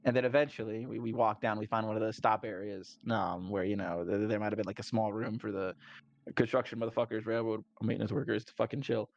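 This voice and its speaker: A man's voice: on the low side, gravelly. A man casually recapping a tabletop game session, swearing freely, laughing, and acting out his friends' lines. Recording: dull lo-fi sound.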